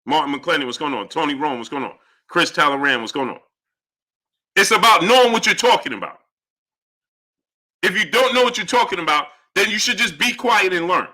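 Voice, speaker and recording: Reading chat on his livestream, a man speaks in a fairly high, bright, pushed voice with lively intonation. He rapidly greets viewers by name, then rants and argues heatedly in a lecturing tone.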